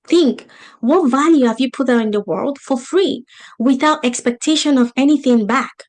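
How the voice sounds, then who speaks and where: A business coach with a non-native English accent teaches a webinar over a video call, emphatic and motivational, posing rhetorical questions to her audience. Her voice sits high, with a darkish tone and normal speed.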